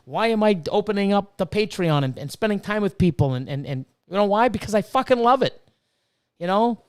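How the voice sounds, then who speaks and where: A man's voice: sits high, expressive, brisk, clear, resonant tone. A man in his fifties ranting casually on a livestream, swearing freely and reading viewers' chat aloud. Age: 50s. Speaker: livestream host and snake breeder.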